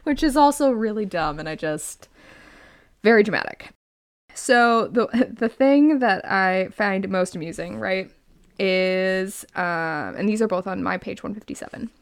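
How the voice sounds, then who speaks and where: A woman in casual conversation about a book, animated and laughing often, reading quotes aloud. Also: mid-range voice, unhurried. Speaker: book discussion co-host. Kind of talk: casual chat.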